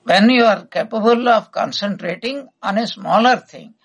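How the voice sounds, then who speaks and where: Gravelly husky man giving a spiritual talk. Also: high-pitched, normal speed, rough recording. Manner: emphatic, asks many rhetorical questions. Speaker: spiritual teacher. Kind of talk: spiritual discourse.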